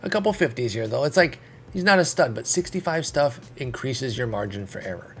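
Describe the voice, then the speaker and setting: A man's voice: medium pitch, expressive, fairly quick, a bit bright, a little hiss or hum. A man casually commenting on a baseball management game, thinking aloud in a chatty, self-deprecating way. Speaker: video game streamer.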